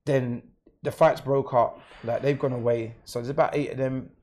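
This man has a mid-range, slightly mellow voice with fairly even intonation and a moderate pace. A guest in an interview, he speaks with a London accent and tells his personal story plainly.

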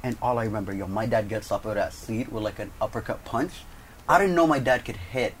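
A man's voice: on the low side, fast, a little hiss or hum. A man cohosting a podcast, telling a story in casual chat, acting out quotes and swearing freely.

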